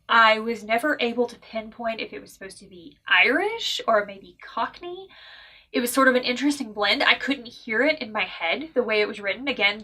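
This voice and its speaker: A Southern woman with a Southern US accent, casually reviewing a book in a chatty, animated way with frequent laughs and asides. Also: a little high. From American South.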